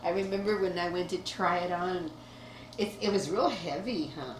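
A woman's voice: lowish voice, moderate pace. A woman who starred in the film, talking in a playful, bawdy way during a commentary and giggling often. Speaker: lead actress. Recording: echoey room, audible hiss.

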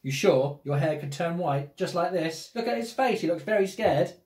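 A woman's voice: fairly low pitch, lively intonation, normal speed, darkish tone. A woman playfully reading a picture book aloud to a child at home, teasing as she goes. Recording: roomy echo.

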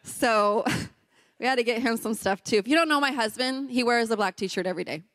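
A middle-aged pastor's wife preaches a sermon, animatedly telling a personal story, laughing often and acting out voices. Her voice is on the high side and brisk, recorded with clean studio sound and no echo.

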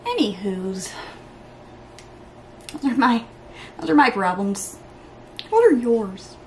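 Lively, rambling woman vlogger. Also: fairly high pitch, takes it slowly, pauses often, a little hiss or hum. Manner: rambling and self-mocking, laughs often; excitable, hyper. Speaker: beauty vlogger. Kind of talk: chatty get-ready-with-me vlog. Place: at home doing makeup.

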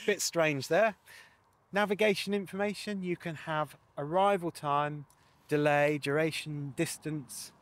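A man's voice: fairly high pitch, steady tone, measured pace, dry recording. A man presenting a casual walkthrough of a motorcycle sat nav, chatty with wry asides.

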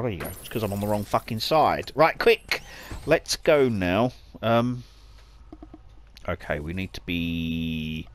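A man giving frantic let's play commentary, swearing a lot and apologizing over and over. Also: mid-range voice. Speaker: gamer. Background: game music and car noise.

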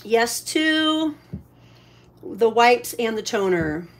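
A woman's voice: a little high, lively intonation, drawn-out words, a bit bright. A woman hosting a casual live shopping stream. She is chatty, thanks each buyer and stops to coo at her pets.

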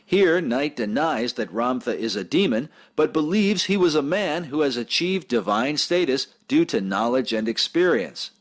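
A man reading a scripted documentary narration in a measured, grave manner. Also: medium pitch, lively intonation. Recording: voice-over with music behind.

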